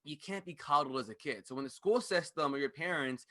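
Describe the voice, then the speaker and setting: A man hosting a podcast, ranting fast, loud and passionate into a studio microphone, swearing freely. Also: fairly high pitch. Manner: fast-talking. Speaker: podcast host. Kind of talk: ranting monologue.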